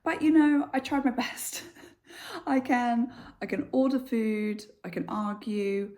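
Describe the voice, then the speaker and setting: A young woman with a British accent chatting to camera in a casual vlog. Her voice is mellow and warm, and her pitch sits in the middle of the usual range. She is playful and animated, and her pitch leaps up whenever she wants to stress a point. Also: measured pace. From United Kingdom. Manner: animated, playful, jumps high in pitch for emphasis. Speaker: vlogger and English teacher.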